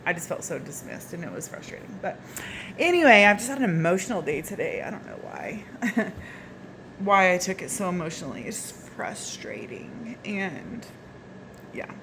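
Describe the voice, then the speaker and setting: A woman's voice: lowish voice, very animated, moderate pace, a bit bright, a little hiss or hum. Chatty Southern woman vlogging on a phone. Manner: rambling, chatty, with small laughs. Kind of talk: casual chat to camera.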